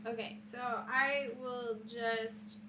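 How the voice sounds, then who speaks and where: A woman's voice: fairly high pitch, fairly even intonation, takes it slowly, background noise. A woman playing a tabletop game in a playful, laughing manner. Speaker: player. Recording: echoey room, far from the mic.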